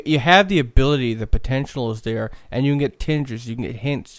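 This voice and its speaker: A man's voice: mid-range voice, smooth, no room sound, studio quality. A man hosting a podcast, talking casually in a rambling way with many fillers and restarts. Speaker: podcast host.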